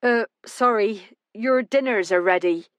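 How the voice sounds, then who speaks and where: A woman's voice: fairly high pitch, unhurried, dry recording, voice pushed up, natural voice. Woman voicing a courteous male waiter. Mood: polite. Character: polite male restaurant waiter.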